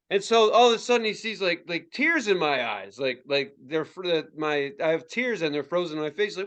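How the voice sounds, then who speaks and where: Profane, animated man telling a story. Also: fairly quick. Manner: profane, animated, acts out quotes in high yelps. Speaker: podcast co-host. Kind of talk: casual storytelling chat.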